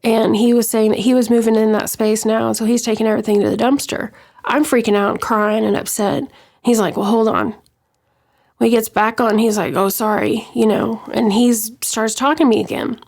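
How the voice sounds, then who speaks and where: A middle-aged woman from West Texas recounting her own story in an interview, hesitant with many pauses and restarts. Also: fairly high pitch, level tone, creaky, darkish tone. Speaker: interview guest. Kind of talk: personal account in an interview.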